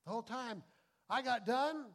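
A man preaching a sermon as pastor, folksy and conversational, dropping to soft confiding talk and rising to loud preaching. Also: very high voice, animated, normal speed.

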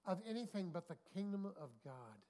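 A male pastor preaches with a fairly high voice. He tells stories, acts out what people said and keeps asking the congregation for an amen. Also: sing-song, normal speed, warm tone. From United States. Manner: storytelling, acting out quotes, asking the congregation for amens. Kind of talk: sermon.

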